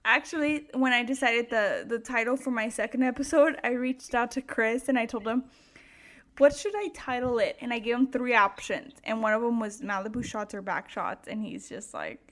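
A woman's voice: fairly high pitch, expressive, moderate pace. A tipsy young woman hosting a podcast, chatting crudely and laughing a lot. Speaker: podcast host. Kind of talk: casual chat.

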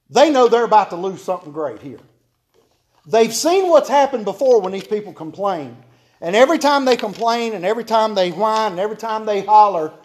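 A man's voice: high voice, darkish tone. A man preaching a folksy sermon to a congregation, joking and repeating key phrases for emphasis.

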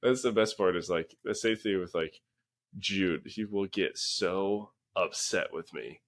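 A man in his thirties chatting casually as a podcast co-host, telling animated stories and acting out his kids' lines. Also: sits low, unhurried. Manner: animated storyteller, acts out his kids' voices. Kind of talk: casual chat.

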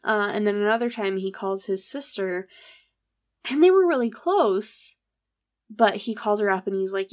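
A woman's voice: mid-range voice, normal speed. A woman casually telling a true story, acting out the people's lines and swearing freely. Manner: animated, acts out quoted dialogue, swears casually.

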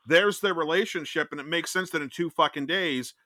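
A man with a bright, forceful voice and a slightly high pitch, ranting in casual film talk. He sounds animated and swears freely. The sound is close and dry. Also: fairly quick, no room sound. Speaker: podcast co-host.

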